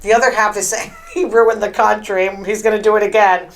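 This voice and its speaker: A middle-aged woman talks through her podcast in a rambling, casual way. She is opinionated and leans on plenty of ums and likes. Her voice sits in an ordinary middle pitch. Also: steady tone, brisk, creaky, low-quality recording. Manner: chatty, rambling, opinionated with filler words. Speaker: podcast host. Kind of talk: casual solo commentary.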